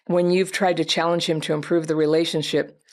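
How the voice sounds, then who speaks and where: A woman hosting an advice talk. She answers a viewer's letter in a gentle, reflective way and speaks straight to the listener. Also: deep voice, little pitch movement, a little fast. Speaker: advice host.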